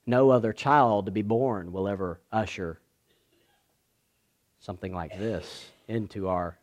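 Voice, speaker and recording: A man preaching a sermon as pastor, moving from hushed, slow passages to loud, emphatic ones. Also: on the low side, slight background noise.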